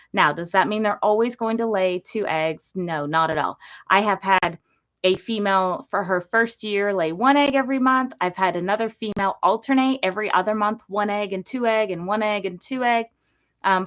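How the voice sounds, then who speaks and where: A woman's voice: mid-range voice, a bit bright, highs cut off. A woman hosting a casual livestream about geckos, chatty and easily distracted, talking to viewers. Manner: chatty, easily distracted, baby-talks to her parrot. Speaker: livestream host and gecko breeder.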